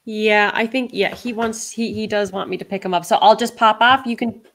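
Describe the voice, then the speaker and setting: A woman's voice: medium pitch, fairly even intonation, a little fast, a bit bright. A woman co-hosting a live stream, chatting casually, agreeing and laughing along. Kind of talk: casual chat.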